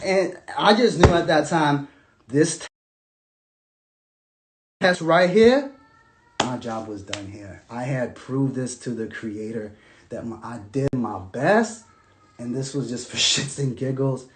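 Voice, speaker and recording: A man telling his own story to camera in casual storytelling, animated, with loose slang, swinging from loud outbursts to quiet murmurs. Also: mid-range voice, slow pace, pauses often, slight background noise. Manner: loose slang, many restarts and fillers.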